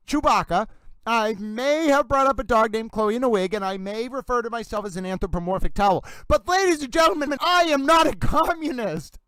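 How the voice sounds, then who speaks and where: A man's voice: very high-pitched, fairly bright tone, clear, resonant tone, dry recording. A man hosting a livestream, chatting playfully with his viewers and making theatrical, emphatic declarations. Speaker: livestream host. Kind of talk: casual livestream chat.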